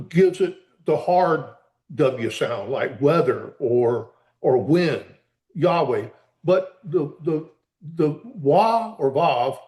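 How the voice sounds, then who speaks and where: A man being interviewed as an author, explaining earnestly in a halting way with many repeated words and restarts. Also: fairly high pitch, darkish tone, roomy sound. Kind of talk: conversational interview.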